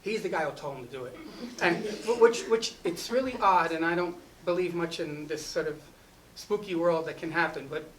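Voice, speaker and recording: A man's voice: a little high, moderate pace, a bit bright. A man, a film director at a festival, telling a rambling casual anecdote full of "you know" and restarts. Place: festival event. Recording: distant mic with faint ambient noise.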